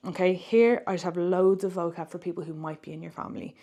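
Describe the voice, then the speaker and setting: A woman's voice: on the low side, fairly even intonation, fast, warm tone. A young woman teaching a French exam-prep lesson online, explaining in English and reading French questions aloud.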